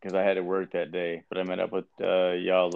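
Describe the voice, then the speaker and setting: A man's voice: low-pitched, completely flat delivery, a little fast, gravelly, clear, resonant tone, narrow, tinny audio. A man in casual chat as a podcast co-host, telling rambling stories with swearing. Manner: laid-back, rambling storytelling with swearing.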